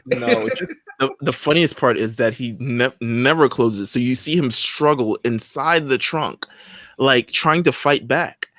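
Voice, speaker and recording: A young man rambles through a relaxed podcast chat, joking and restarting his sentences as he goes. His voice sits at an ordinary middle pitch. The sound is dry and close, with no room around it. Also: a little slow, no echo. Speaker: podcast co-host. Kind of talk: casual chat reviewing old wrestling shows.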